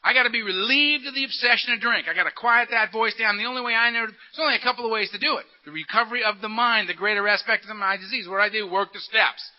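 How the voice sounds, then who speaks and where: A man giving a recovery meeting talk in an animated, joking, punchy storytelling manner. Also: high voice, fast talker, few pauses. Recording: dull lo-fi recording.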